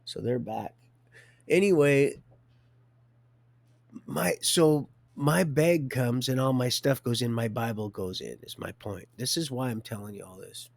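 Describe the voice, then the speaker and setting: Man in his fifties, rambling storyteller, chuckles often, mid-pitched voice, dry close sound. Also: unhurried, creaky, no echo. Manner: rambling, stops and restarts, chuckles a lot. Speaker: live streamer telling his life story.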